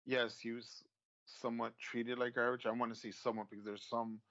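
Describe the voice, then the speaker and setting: A man's voice: mid-range voice, little pitch movement, fairly quick, fairly bright tone, no echo, dull audio. A man in casual chat about a movie he watched, often repeating words and restarting his sentences. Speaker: movie discussion co-host.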